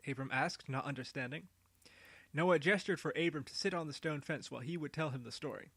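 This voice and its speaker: A man's voice: on the high side, a little fast, gravelly, a bit bright, slightly rough, no echo. Man narrating a storybook in a dry voice. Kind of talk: reading a story aloud.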